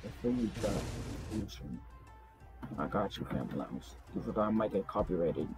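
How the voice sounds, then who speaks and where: Slangy young man with a gravelly voice. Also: lowish voice, moderate pace, music in the background. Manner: slangy, excitable, yelps in surprise. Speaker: gaming streamer. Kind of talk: casual gameplay commentary.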